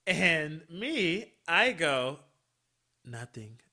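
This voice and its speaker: A man hosting a podcast, telling a personal story in a casual, animated way, swearing freely and laughing often. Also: a little high, measured pace. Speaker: podcast host.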